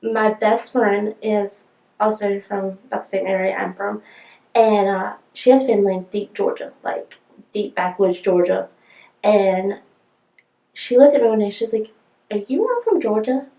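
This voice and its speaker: A woman's voice: medium pitch, steady tone, measured pace, gravelly, dark tone, echoey room, recorded from a distance, poor audio. A woman from North Carolina with a North Carolina accent, animatedly retelling conversations in a casual interview.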